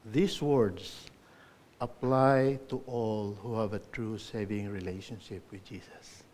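A man's voice: lowish voice, fairly even intonation, slow pace. Earnest man preaching a sermon. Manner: earnest exhortation with emphatic rises and soft drops.

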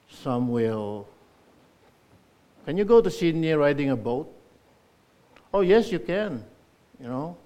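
Male preacher, mid pitch, earnest sermon with emphatic swells and quiet drops. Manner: earnest exhortation with emphatic rises and soft drops.

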